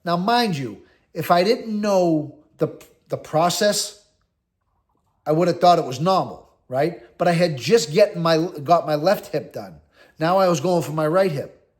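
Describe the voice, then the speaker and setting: A middle-aged man with a somewhat high voice tells a story from his own life in a casual, animated way. He acts out what he and others said, dropping in salty slang as he goes. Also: a little slow.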